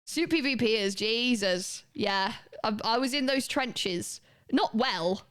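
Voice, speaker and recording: A woman's voice: on the high side, animated, slow, a bit bright, clean tone. A woman, chatting casually and rambling as she streams a game, swearing now and then. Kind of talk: casual gaming commentary.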